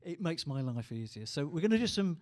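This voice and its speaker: High-voiced man bantering on stage. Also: sing-song, a little fast, a little mellow. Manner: dry, self-mocking, chatty. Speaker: musician and entertainer. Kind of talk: stage banter between songs. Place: small theatre stage. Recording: live hall with long reverb.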